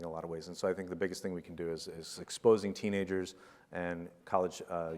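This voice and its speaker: A man giving a motivational conference talk, telling a parable in a jokey, rambling, animated way. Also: sits low, big-room sound. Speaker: conference keynote speaker.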